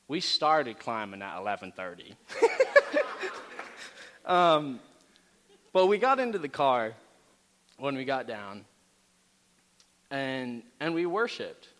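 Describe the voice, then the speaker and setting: A man telling a story in a casual, animated way to a campus gathering, with lots of fillers and asides. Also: medium pitch. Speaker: campus ministry speaker. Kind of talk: storytelling sermon talk. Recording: reverberant hall.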